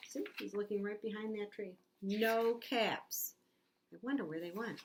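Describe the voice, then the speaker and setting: A woman teacher reading a picture book aloud to young children, animated and asking them questions. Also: medium pitch, measured pace, a little hiss or hum. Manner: animated, asks the listener questions. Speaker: preschool teacher.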